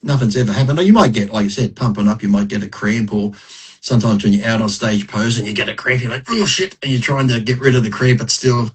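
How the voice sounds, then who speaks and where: A man's voice: fairly low pitch, fast, breathy edge, rough recording. A middle-aged man, telling stories in a blunt, profane, self-mocking way as a podcast guest. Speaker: podcast guest, retired bodybuilder. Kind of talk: casual interview storytelling.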